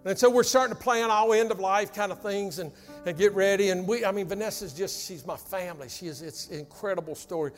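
A man preaching a sermon as pastor, telling a folksy story that sinks into hushed intensity. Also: high voice, a little fast. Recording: long hall reverb with faint music.

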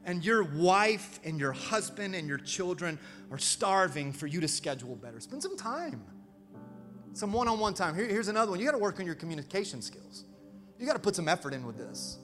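A man in his thirties preaching a sermon as pastor, energetic and animated, calling out to the congregation. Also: sits high, a little fast. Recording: reverberant hall, faint music behind.

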